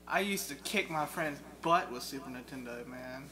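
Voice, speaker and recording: A young man in a casual chat about video games, an excitable storyteller who mimics game sounds. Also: medium pitch, normal speed. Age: young adult. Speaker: guest. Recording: loud steady hum behind.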